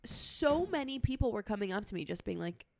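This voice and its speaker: A woman's voice: medium pitch, sing-song, fairly quick, creaky, darkish tone, no echo. Podcast co-host, woman, chatty storyteller, dry close-mic sound. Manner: storytelling with lots of "like" and acted-out quotes. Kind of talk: casual chat.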